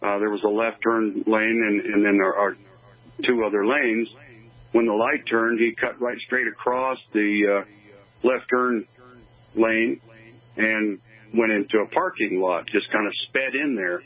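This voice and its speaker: A man's voice: on the low side, fairly even intonation. Older man telling his story over a phone line. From Oregon, USA. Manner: earnest, halting, with many restarts. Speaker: guest. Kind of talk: personal testimony in an interview. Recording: tinny phone-line call.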